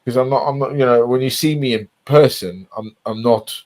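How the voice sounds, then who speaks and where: A man's voice: medium pitch, fairly quick, darkish tone, rough recording. A man chatting casually, rambling and repeating himself, swearing often. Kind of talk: casual chat.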